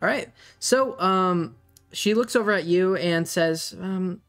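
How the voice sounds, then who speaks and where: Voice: mid-range voice, takes it slowly, fairly bright tone, faint music behind. Hesitant game master narrating a scene. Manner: hesitant, many fillers.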